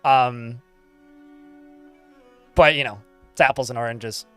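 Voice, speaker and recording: A man's voice: mid-range voice, slow, fairly bright tone, clean tone, no room sound, soft background music. A man chatting casually while livestreaming a game, rambling with lots of filler words. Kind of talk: casual live gameplay chat.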